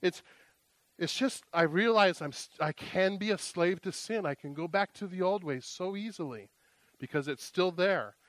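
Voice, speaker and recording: A man preaching a sermon as pastor, earnest and emotional, rising to loud exclamations and dropping to hushed, confessional tones. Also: high voice, moderate pace, no room sound.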